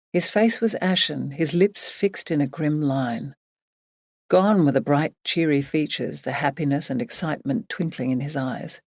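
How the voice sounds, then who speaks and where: A woman narrating a novel in a measured, even reading manner. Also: low voice, no echo, clean studio sound. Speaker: audiobook narrator. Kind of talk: scripted narration.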